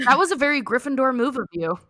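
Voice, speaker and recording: A woman's voice: high-pitched, very animated, a little fast, pushed and bright. A woman co-hosting a podcast in casual chat, giggly and wrapping up the show. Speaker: podcast co-host.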